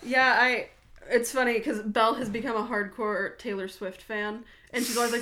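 A woman's voice: medium pitch, fairly even intonation, a little fast, sharp tone, slight background noise. A woman guest on a podcast, chatting casually with wry, dry remarks.

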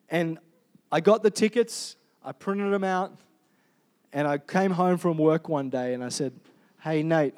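High-voiced pastor preaching. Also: male voice, darkish tone. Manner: storytelling, calls of "Amen?" to the congregation. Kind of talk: sermon. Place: church hall.

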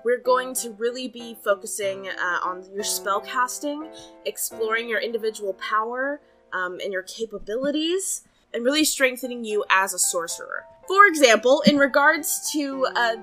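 A woman's voice: a little high, sharp tone. A woman voicing an earnest female magic professor who rambles with many fillers.

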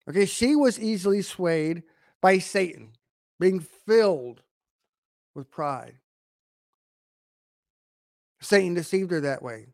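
A man's voice: on the high side, animated, unhurried, pauses often, no echo, clean studio sound. A man preaching a sermon, emphatic, often restarting his phrases.

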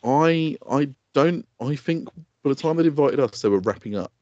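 A man's voice: medium pitch, lively intonation, normal speed, a little mellow, no echo, dull audio. A man co-hosting a podcast in casual chat, rambling and laughing often. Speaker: podcast co-host.

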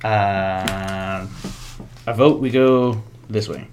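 A man's voice: on the low side, a little mellow, a little hiss or hum. Crude-joking male podcast co-host. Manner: crude jokes, reads labels aloud haltingly. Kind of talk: casual chat.

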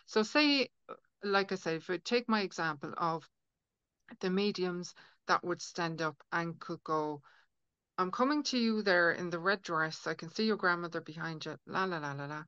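A woman's voice: fairly low pitch, normal speed, a bit bright, clear, resonant tone, no echo. A woman guest on a podcast, talking earnestly in casual conversation and acting out inner voices as she explains. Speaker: guest healer. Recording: dull lo-fi audio, dry.

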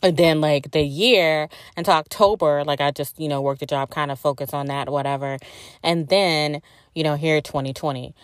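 A woman's voice: deep voice, steady tone, normal speed, clear, resonant tone, no echo. A tired woman hosting a podcast, talking casually and frankly about her spiritual journey, swearing freely and saying "like" a lot. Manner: frank and profane, storytelling with many "like"s. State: tired and drained. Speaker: podcast host.

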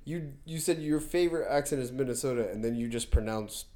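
A man's voice: medium pitch, a little fast, warm tone. A man in casual joking chat among friends, playfully trying silly accents.

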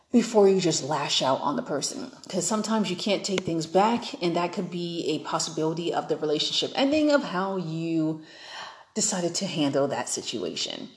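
A woman's voice: on the low side, darkish tone, reverberant. A woman giving frank, chatty dating advice in a casual monologue, acting out the people she quotes.

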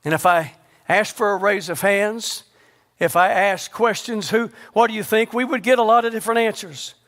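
High-voiced preaching pastor. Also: male voice, normal speed. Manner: rhetorical questions, sudden drops to a low hush for emphasis. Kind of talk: sermon.

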